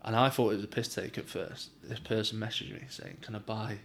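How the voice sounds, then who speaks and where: A man's voice: fairly low pitch, flat delivery, fairly quick, vocal fry, fairly bright tone. A man, chatting casually as a guest, swearing freely and laughing through his stories. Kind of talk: casual chat.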